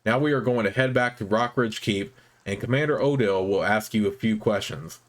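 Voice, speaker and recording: A man hosting a let's play, reading the game's narration aloud in a measured, even way. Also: lowish voice. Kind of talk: reading game text aloud.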